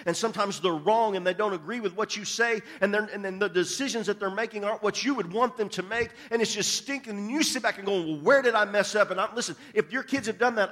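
Preaching in a high-pitched voice, this pastor keeps his sermon conversational. Sentences frequently begin with repeated words, and his delivery shifts from quiet side remarks to loud, emphatic moments.

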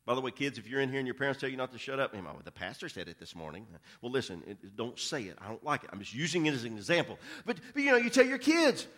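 A man preaching a sermon as pastor, talking conversationally, often repeating his opening words and swinging from hushed asides to loud emphasis. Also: mid-range voice, big pitch swings, rapid-fire, few pauses. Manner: repeats words when starting sentences.

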